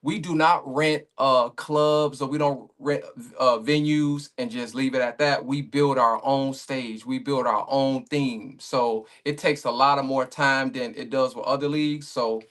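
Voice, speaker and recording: A man's voice: mid-range voice, steady tone, unhurried, hardly any pauses, fairly bright tone. A man talking casually as a guest on a remote podcast call, laid-back and rambling, with many fillers and restarts. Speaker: league owner guest.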